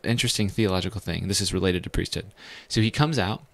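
A man, a pastor, teaching the Bible in a casual, animated way with bits of slang. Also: low voice, quick pace, gravelly.

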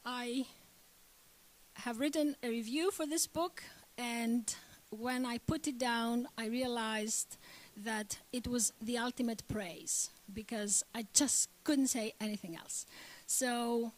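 A woman, a department chair, formally introducing the guest speaker at a reading in a measured way. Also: a little high, fairly even intonation. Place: cultural center hall.

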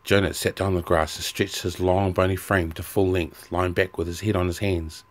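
A man narrating a fantasy novel in a measured, even audiobook reading. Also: low voice.

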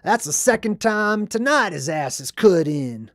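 A man's voice: high-pitched, sing-song, a little slow, no echo, studio quality, voice pushed up. A man putting on the voice of a grumbling man, irritated that his TV shows keep being interrupted, whiny and cursing.

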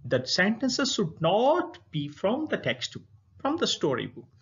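A man with an Indian English accent, an English teacher reading a story aloud deliberately and then addressing his students. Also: sits high, wildly swooping pitch, highs cut off, a little hiss or hum. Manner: clear, deliberate reading with stress and intonation.

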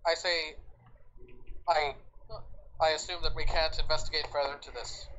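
Tentative higher-voiced gaming man. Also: little pitch movement, normal speed, pushed and bright, muffled recording, slight background noise. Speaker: player. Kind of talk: playing a tabletop game.

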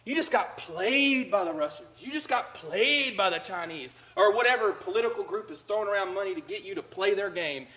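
A man's voice: high voice, animated, fairly quick, hardly any pauses, bright, forceful tone, poor audio. A man preaching a conversational sermon as pastor, acting out the voices of the people he describes. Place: church sanctuary.

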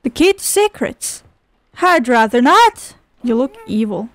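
A woman's voice: high-pitched, sing-song, slow, a little hiss or hum. A young woman giving casual, profane and sarcastic commentary as she plays a game, with frequent exclamations. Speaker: gaming video host. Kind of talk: casual let's-play commentary.

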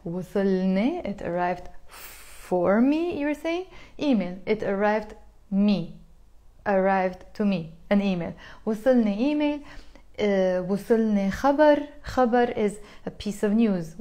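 A Lebanese woman teaching a live online lesson, chatty and repeating each phrase slowly for learners. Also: mid-range voice, dark tone. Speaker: Arabic teacher.

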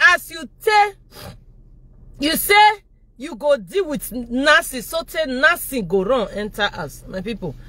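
A woman with a Nigerian accent giving mocking, animated live-stream commentary, often laughing and raising her voice. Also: mid-range voice, breathy edge. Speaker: social media commentator.

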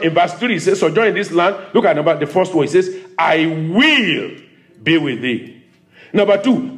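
A man with a Nigerian accent, a pastor preaching a sermon at a church service, repeating phrases and calling for amens. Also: sits high. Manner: preaching with call-and-response, repeating phrases for emphasis.

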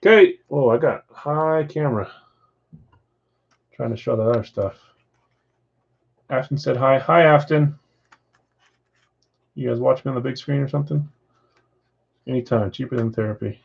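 A man's voice: medium pitch, moderate pace, gravelly, long pauses, breathy edge, muffled recording. A man hosting a live card-break stream from home, chatting casually and reading viewer comments aloud. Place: house with a floor above.

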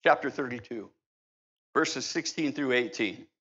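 This middle-aged pastor delivers his sermon at a measured pace, his medium-pitched voice bright and forceful. He keeps it conversational and funny, and the church-sanctuary recording sounds slightly dull and lo-fi.

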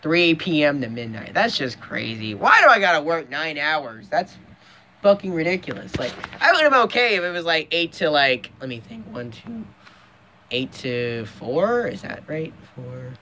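A young man vlogging at home, his fairly high, bright voice jumping around as he rants with plenty of swearing. He trips over his words and starts over, and a faint room ambience hangs behind him. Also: very animated, normal speed, slight background noise. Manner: profane and emphatic, with frequent restarts. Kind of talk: casual vlog rant.

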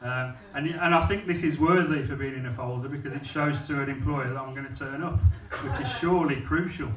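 A man's voice: mid-range voice, brisk. A male stand-up comedian telling cheeky, crude, self-mocking stories on a comedy club stage. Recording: echoey club from far off, audience noise.

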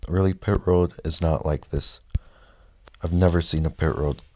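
A man giving casual gameplay commentary, reacting loudly to the race and muttering frustrated asides. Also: sits low, steady tone, normal speed. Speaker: let's play gamer.

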